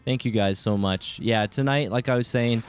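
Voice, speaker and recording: A man with a clear, resonant, medium-pitched voice streams a video game at normal speed, upbeat and chatty. He cheerfully greets viewers in chat by name and drops casual asides.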